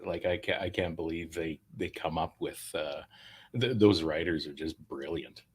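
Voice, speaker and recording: A man's voice: very deep voice, fairly even intonation, moderate pace, husky. A man co-hosting a casual podcast, wry and laughing often, muttering asides and reading sponsor spots. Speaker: podcast co-host.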